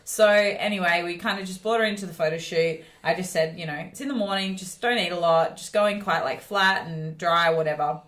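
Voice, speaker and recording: Blunt, animated woman coach in an echoey room. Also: lowish voice, a little fast, few pauses. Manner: blunt, swears freely, animated storytelling. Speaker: podcast co-host and coach. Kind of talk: casual chat.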